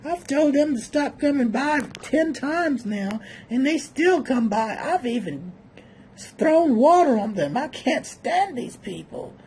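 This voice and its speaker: A woman voicing a bored, annoyed woman stuck listening to visitors at her door, grumbling in a low, quiet voice. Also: very animated, slow, a little hiss or hum, exaggerated voice. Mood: fed up. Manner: exasperated grumbling.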